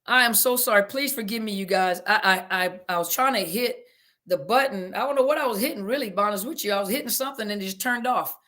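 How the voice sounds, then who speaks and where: A woman therapist is live with her listeners in an audio room, reading their comments and answering them in casual Southern-flavored speech. Medium-pitched, bright and forward, she talks fast, and technical slips send her into flustered, homey apologies to everyone.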